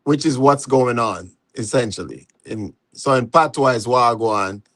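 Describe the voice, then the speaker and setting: A man's voice: medium pitch, lively intonation, dry recording. Laid-back Jamaican man hosting. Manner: laid-back, peppered with "you know", quick to laugh. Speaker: host. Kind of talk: casual live panel chat.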